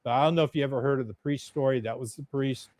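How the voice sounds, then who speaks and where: A man's voice: medium pitch, steady tone, fast talker, a little mellow, no room sound. Blunt, profane storytelling man. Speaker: podcast guest, UFO videographer. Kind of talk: casual storytelling.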